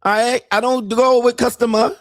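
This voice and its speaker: A man putting on a high, wheedling young Thai bar girl in a mock Thai accent, speaking broken English and tacking "sir" onto every line. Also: flat delivery, moderate pace, no room sound, studio quality. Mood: protesting innocence. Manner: sing-song, wheedling, keeps adding "sir" and "Po". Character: pleading young Thai bar girl woman, sweet-talking.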